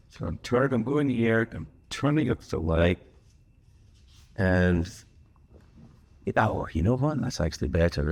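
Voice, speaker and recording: A man's voice: sits low, darkish tone. An older man with a Scottish accent, hosting a casual solo chat in a hotel room, rambling and joking with lots of asides and restarts. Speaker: host.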